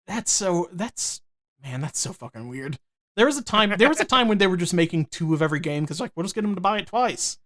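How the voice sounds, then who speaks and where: A man's voice: high voice, animated, brisk, fairly bright tone. A young man co-hosting a podcast, chatting casually in a rambling, profane, jokey way with lots of restarts. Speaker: podcast co-host. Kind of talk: casual chat.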